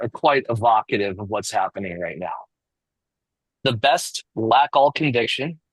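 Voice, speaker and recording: A man gives an informal lecture to a small group in a meeting room. His voice sits in a middle register, and he talks in a measured, reflective way, sometimes restarting a phrase. The sound is dry, with little room echo. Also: mid-range voice, a bit bright. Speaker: discussion group leader.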